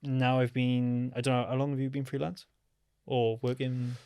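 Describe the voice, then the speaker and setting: A man's voice: mid-range voice, completely flat delivery, moderate pace, dark tone, clear, resonant tone, dry recording. A young man chatting casually as a podcast guest, rambling with lots of fillers. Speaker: podcast guest, freelance photographer. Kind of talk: casual chat.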